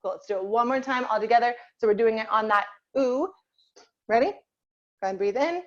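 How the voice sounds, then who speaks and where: A woman's voice: fairly high pitch, fairly quick. Woman, voice teacher, online group lesson, patient and questioning, muffled video call sound. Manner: patient, asks the class questions and waits.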